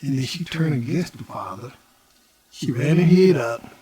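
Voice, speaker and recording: A middle-aged man from Houston, Texas, telling his own story as host in a slow preaching cadence that keeps addressing the listeners as "y'all". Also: mid-range voice, lively intonation, warm tone, breathy edge. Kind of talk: personal storytelling monologue.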